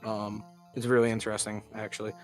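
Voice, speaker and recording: A man's voice: lowish voice, flat delivery, quick pace, faint music behind. Rambling male streamer in casual chat. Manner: rambling, many fillers. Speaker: streamer host.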